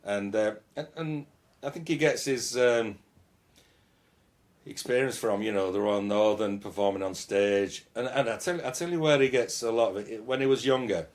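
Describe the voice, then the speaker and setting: A man's voice: on the low side, moderate pace. A man, a guest musician, chatting casually in an interview, rambling with many fillers and restarts.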